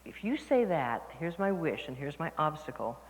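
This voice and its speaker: A woman speaker telling lively stories to a workshop audience, laughing and acting out the people she quotes. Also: sits low, normal speed. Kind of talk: storytelling talk to a live audience. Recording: reverberant hall with faint noise.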